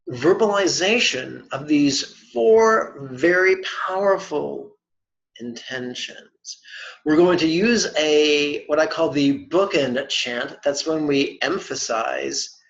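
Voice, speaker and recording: A man teaching meditation in an online lesson, speaking deliberately and dropping in playful, wry asides. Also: on the high side, gravelly, fairly bright tone. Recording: dull lo-fi webinar audio.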